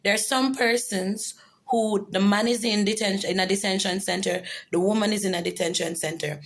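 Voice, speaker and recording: A woman's voice: mid-range voice, steady tone, a little fast, gravelly, poor audio. A woman giving an earnest, emotional personal testimony in a vlog. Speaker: vlogger.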